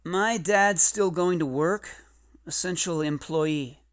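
A woman's voice: lowish voice, takes it slowly. A woman voicing a shy, tired young man.

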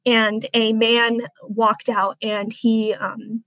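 A woman in her twenties, an interview guest, recounting a personal experience in an earnest, halting way that turns softly emotional. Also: on the high side, little pitch movement, no room sound, poor audio. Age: 20s.

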